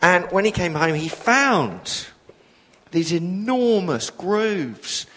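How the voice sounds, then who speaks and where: A man's voice: sits high, sing-song, slow, bright, forceful tone, in a large hall. A middle-aged man preaching a sermon, telling a chatty personal story with self-deprecating humor and frequent fillers.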